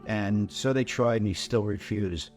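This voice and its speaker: An older man recounting his life in a personal testimony, halting and repeating words as he goes. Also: lowish voice, darkish tone, soft background music.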